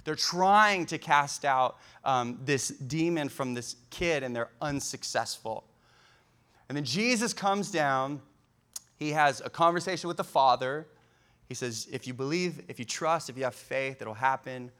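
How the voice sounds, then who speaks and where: A man preaching a sermon, reading scripture aloud and then riffing on it in a casual, animated way, with laughter and many fillers. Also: mid-range voice, a little slow, clear, resonant tone. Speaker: pastor.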